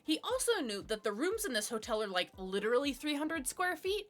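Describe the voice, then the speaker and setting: A young woman chats casually with friends, her voice a little high and swinging widely in pitch. She retells events expressively and gives the people in them dramatic voices. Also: big pitch swings, a little fast. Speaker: podcast co-host. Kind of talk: casual chat.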